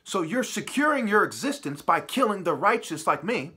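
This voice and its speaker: A man in a profane, preachy ranting monologue, swinging from muttering to shouting. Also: high voice, big pitch swings, moderate pace, husky. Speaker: vlogger.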